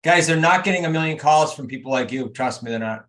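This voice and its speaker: A man's voice: a little high, quick pace, fairly bright tone. A man coaching a group over a video call, talking emphatically and straight to his students. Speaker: real estate coach.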